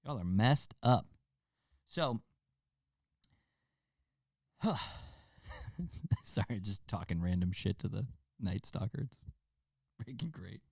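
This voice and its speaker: A man's voice: on the low side, expressive, slow pace, creaky, pauses often, darkish tone, no echo, clean studio sound. A young man hosting a podcast, rambling and joking casually with plenty of profanity. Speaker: podcast host. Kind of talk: casual monologue.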